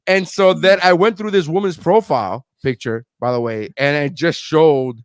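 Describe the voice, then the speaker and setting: A man's voice: a little high, moderate pace, clean tone, no echo, clean studio sound. A man co-hosting a podcast, telling a long profane story in casual chat with lots of quoted voices. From South Florida. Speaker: podcast co-host, comedian.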